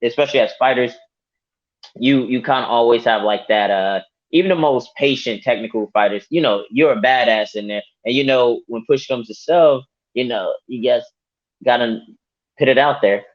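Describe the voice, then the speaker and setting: A man, a fighter, talking casually in an interview, animated and laughing often. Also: medium pitch, moderate pace. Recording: dull lo-fi audio.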